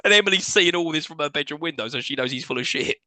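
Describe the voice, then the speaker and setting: A man co-hosting a podcast, chatting quickly and laughing as he recaps a film. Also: fairly high pitch, expressive, bright, forceful tone, dry recording. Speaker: podcast co-host. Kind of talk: casual chat recapping a film.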